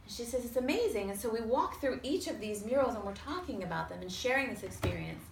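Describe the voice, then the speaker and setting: A woman telling a lively personal story to a small audience, acting out other people's voices and swearing casually. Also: fairly high pitch, quick pace, gravelly. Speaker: storyteller on a talk show. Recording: roomy sound from a distance with faint noise.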